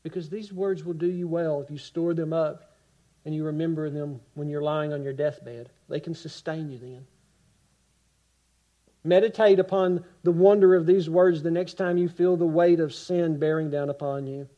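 Male preacher, high voice, impassioned sermon, loud swells and hushed drops. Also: fairly even intonation, normal speed, highs cut off.

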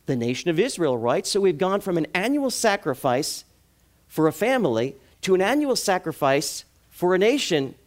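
A male preacher delivering a sermon in an animated way, asking the congregation rhetorical questions. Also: high-pitched, moderate pace.

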